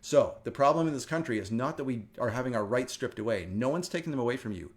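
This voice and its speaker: A middle-aged man from the United States hosting a casual wellness talk, telling stories with animated energy and frequent laughter. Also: medium pitch, fast. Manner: animated storytelling, laughs often. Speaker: wellness show host. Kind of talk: casual chat.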